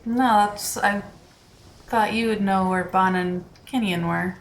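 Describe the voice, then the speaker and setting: A woman playing in a tabletop game, chatty and quick to exclaim. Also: mid-range voice, steady tone, gravelly, slight background noise. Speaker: player. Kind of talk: tabletop role-play.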